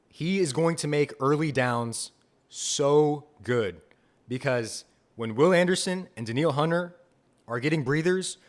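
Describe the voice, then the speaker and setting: A young man hosting a live fan podcast, reacting to picks with excited, repetitive enthusiasm. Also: a little high. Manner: excited, enthusiastic, repeats himself. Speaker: podcast host.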